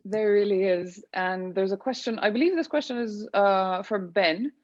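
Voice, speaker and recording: A woman's voice: mid-range voice, normal speed, a little mellow, no echo, highs cut off. A woman moderating an online panel discussion, reading out audience questions with a few restarts.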